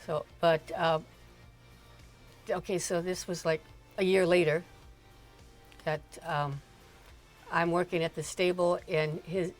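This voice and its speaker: An older woman tells stories from her younger days in a relaxed, rambling way, laughing between asides. Her voice sits on the low side for a woman. Faint music plays behind her. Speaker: mother telling family stories. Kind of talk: casual storytelling chat.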